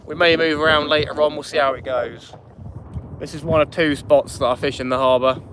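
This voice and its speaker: A man's voice: on the high side, steady tone, a little fast, a crowd in the background. A man hosting a live fishing stream from a small inflatable boat at night, chatting and greeting viewers by name. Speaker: fishing channel host. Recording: wind noise on an open boat. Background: wind and water.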